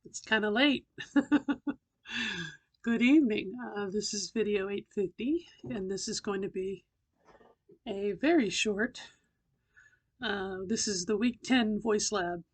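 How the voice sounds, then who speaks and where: A middle-aged woman talking in a casual video diary, thinking aloud with many pauses and a slightly tight throat. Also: mid-range voice, breathy edge. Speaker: vlogger doing voice training.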